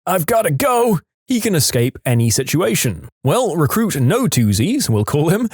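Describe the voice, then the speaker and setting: A man narrating reddit stories aloud in a lively storytelling manner, with brief voiced quotes. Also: a little high, normal speed, breathy edge, dry recording, clean studio sound.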